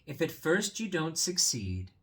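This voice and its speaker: A man's voice: fairly high pitch, very animated, measured pace, fairly bright tone, pitched above the performer's own voice, exaggerated voice. A man reading the lines of a small, sweet, cake-loving mole in a lifted storybook voice. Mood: gentle.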